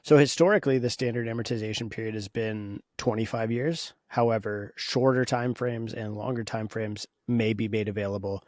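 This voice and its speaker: A man's voice: lowish voice, fairly even intonation, a little fast, hardly any pauses, a little mellow, no room sound, clean studio sound. A man co-hosting a podcast in casual discussion, opinionated and thinking aloud with frequent restarts. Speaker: podcast co-host.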